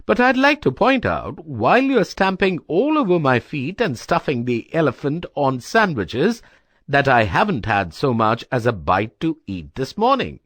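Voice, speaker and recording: Storybook: woman voicing a slow, grumbling, sarcastic carter. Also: low-pitched, sing-song, dry recording, studio quality, voice pushed down, full character voice. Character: grumpy, impatient working man carter.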